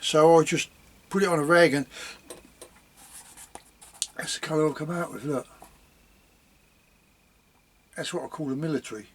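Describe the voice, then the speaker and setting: A man's voice: on the high side, fairly even intonation, moderate pace, long pauses, breathy edge. A man rambling casually about his leatherwork in a home vlog, chuckling at himself as he goes. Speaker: leatherworking hobbyist.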